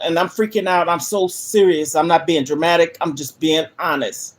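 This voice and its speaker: An older woman hosts a livestream from her living room, speaking in a deep voice at a moderate pace with hardly any pauses. Captured on a phone livestream, her monologue is emotional, earnest, and emphatic toward viewers.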